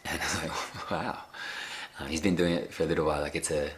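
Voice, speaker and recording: A man giving a gentle, unhurried spiritual talk on a live video call, often pausing with fillers and restarting his sentences. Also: a bass voice, steady tone. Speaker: spiritual teacher.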